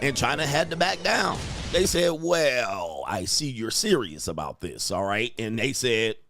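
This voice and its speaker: A man hosting a news commentary channel, reading headlines and reacting in an animated, slangy way, often quoting people in put-on voices. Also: medium pitch, unhurried, gravelly, background noise.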